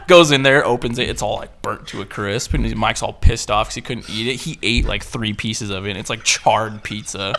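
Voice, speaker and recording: A man's voice: lowish voice, moderate pace, hardly any pauses, fairly bright tone. A young man casually telling a rambling, profane story among friends, laughing as he goes. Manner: profane, rambling, laughing through his own stories.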